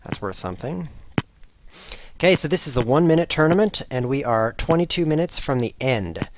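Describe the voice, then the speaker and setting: A man commentating live as he plays fast online chess, joking at his own expense and breaking into sudden excited yelps. His voice comes through a slightly dull, muffled recording. A faint hiss sits underneath. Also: medium pitch. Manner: playful, jokey, self-mocking, with sudden excited outbursts. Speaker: chess streamer and show host.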